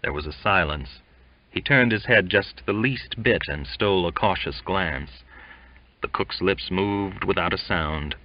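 Low-voiced man reading a classic novel. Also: no echo. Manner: measured, deliberate. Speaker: audiobook reader. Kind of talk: scripted narration of a classic novel. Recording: dull lo-fi dry recording.

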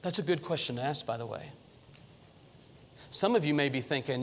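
Earnest preacher with long church echo. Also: male voice, mid-range voice, animated, fairly bright tone, a little hiss or hum. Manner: earnest, emphatic, slows and repeats for emphasis. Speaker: pastor. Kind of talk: sermon. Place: church sanctuary.

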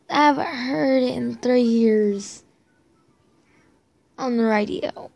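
A woman's voice: high-pitched, slow pace, vocal fry, long pauses, a little mellow. A woman YouTuber talking in a rambling, offhand way during a casual vlog Q&A.

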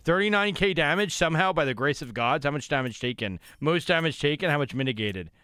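Bright-voiced excitable young gaming streamer. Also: male voice, fairly high pitch, fast, smooth, no room sound. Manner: excitable, swings from mumbling to yelling. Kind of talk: live gameplay commentary.

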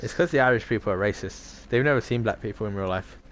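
A man's voice: lowish voice, quick pace, a bit bright, a little hiss or hum. Sweary young man bantering over games. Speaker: gamer. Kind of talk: casual gaming chat.

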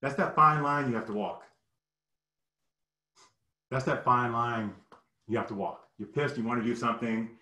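Brief: man in his fifties, mid-pitched, lively personal storyteller, roomy echo. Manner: animated, acts out the people in his story. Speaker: guest storyteller.

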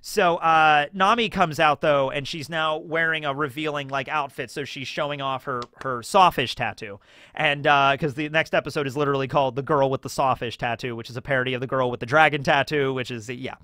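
A man's voice: medium pitch, fairly even intonation, fairly quick, bright, forceful tone, no echo, clean studio sound. A man hosting a casual, rambling episode breakdown, talking in a chatty manner full of asides. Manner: chatty, rambling, full of 'like' and quoted bits. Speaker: YouTube host.

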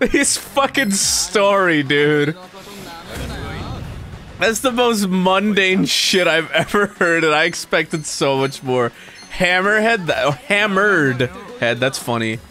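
An excitable young man narrates his own gameplay and swears freely as things go wrong. His voice is bright and forceful, and it swings widely in pitch. Soft music plays behind him. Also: slow. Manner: excitable, swearing, frustrated outbursts. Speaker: streamer. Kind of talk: casual gaming stream commentary.

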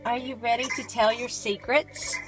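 A woman's voice: fairly high pitch, steady tone, normal speed, over loud music. A woman hosting a casual vlog, gushing and giggly as she talks to a doll in a put-on accent. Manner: using a fake accent. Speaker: host of a haunted doll channel. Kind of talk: casual vlog, spirit session.

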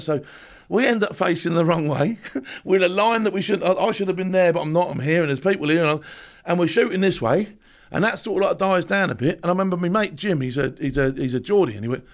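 A man, a former special forces soldier, telling animated war stories as a podcast guest, laughing often and acting out shouts and quotes. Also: a little high. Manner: fast, laughing anecdotes with acted-out shouts and quotes. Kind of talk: animated storytelling.

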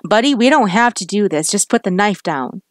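A woman's voice: medium pitch, animated, moderate pace, no echo, lightly acted. Woman playing a tough protective detective, urgent, commanding, dry close sound.

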